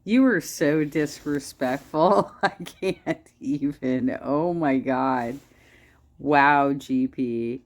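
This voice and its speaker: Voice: medium pitch, very slow. A co-host reacting to a clip with sarcasm and exasperated disbelief. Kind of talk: reaction commentary.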